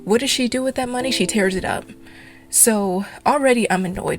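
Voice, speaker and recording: A young adult woman giving a fast, exasperated ranting commentary for a video essay. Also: fairly high pitch, faint music behind.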